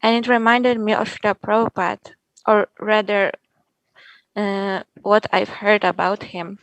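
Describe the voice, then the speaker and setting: Slow, gravelly woman with a Polish accent. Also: medium pitch, no echo, poor audio. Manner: hesitant, with sighs and fillers. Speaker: disciple reading an offering. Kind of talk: reading a devotional tribute.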